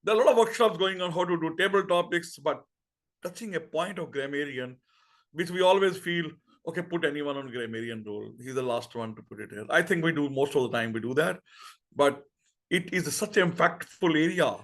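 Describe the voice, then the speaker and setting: A man hosting a speaking-club meeting, enthusiastic and effusive, often halting and restarting. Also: on the high side, expressive, a bit bright. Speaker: meeting master of ceremonies.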